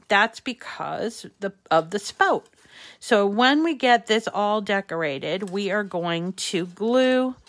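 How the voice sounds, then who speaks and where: A middle-aged woman with a slight lisp, hosting a casual craft tutorial in a chatty, self-deprecating way that thinks out loud. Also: medium pitch. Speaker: crafting channel host.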